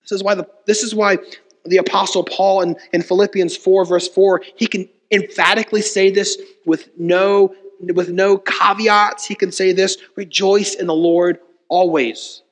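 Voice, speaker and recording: A man's voice: sits high, level tone, normal speed. A man preaching a sermon as pastor, emphatic and full of rhetorical repetition. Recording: long reverb of a church hall.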